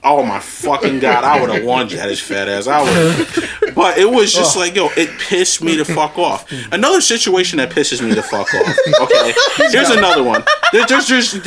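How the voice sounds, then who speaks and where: A man's voice: on the high side, very animated, moderate pace, crowd noise. A man co-hosting a podcast, telling a profane, angry story and laughing as he goes. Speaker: podcast co-host.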